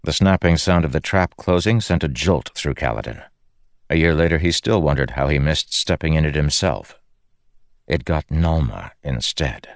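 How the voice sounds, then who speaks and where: A man narrating an audiobook in a measured, grave storytelling manner. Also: a bass voice, expressive, creaky, no echo, clean studio sound.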